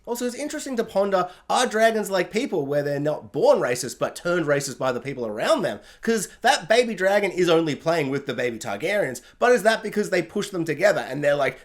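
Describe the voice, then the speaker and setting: Man, TV review host, casual rant, sarcastic, jokey, very lively pitch. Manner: sarcastic, jokey, animated asides.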